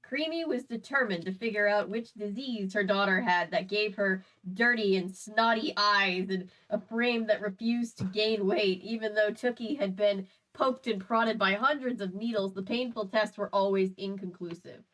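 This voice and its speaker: A woman's voice: medium pitch, normal speed, few pauses, fairly bright tone, poor audio. A woman from the US South hosting a podcast, reading a novel aloud and breaking off for chatty, sarcastic asides. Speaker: podcast host.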